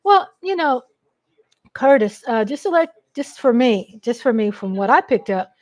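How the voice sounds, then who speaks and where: Middle-aged woman, livestream host at home on a desk mic, slightly high voice, rambling and chatty. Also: big pitch swings, measured pace. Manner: chatty and rambling, reads viewer comments aloud; emotional, laughs often. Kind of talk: casual live commentary. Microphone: USB desk mic.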